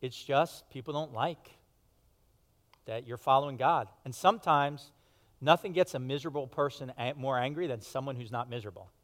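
A pastor preaching a sermon to his congregation, conversational and emphatic, rising to stress points and dropping to quiet asides. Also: medium pitch, moderate pace. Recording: long hall reverb.

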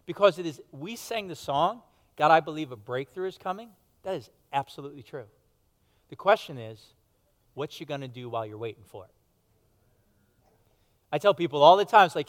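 A man's voice: a little high, lively intonation, fairly quick. Man preaching a conversational sermon. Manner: conversational, emphatic preaching with sudden drops to quiet. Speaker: pastor. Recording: long hall reverb.

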